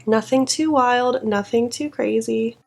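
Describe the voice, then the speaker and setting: A woman's voice: fairly high pitch, measured pace, creaky. A young woman chatting through a makeup tutorial, self-critical and easily frustrated. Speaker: beauty vlogger.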